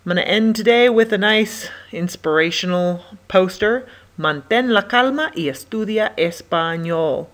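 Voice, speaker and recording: A woman's voice: medium pitch, a little slow, fairly bright tone. Upbeat woman teaching a lesson. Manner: upbeat, chatty, sings a verb song. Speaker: Spanish teacher. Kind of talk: recorded classroom lesson.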